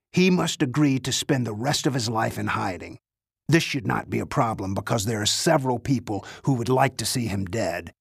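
A man voicing an old, frail male spy chief who speaks slowly, coldly and in clipped phrases. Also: medium pitch, vocal fry, slightly rough, dry recording, studio quality, exaggerated voice.

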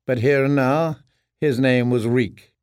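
A man reading a dark story aloud in a steady, measured narration. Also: mid-range voice, smooth, dry recording, clean studio sound. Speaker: audiobook narrator. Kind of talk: scripted narration.

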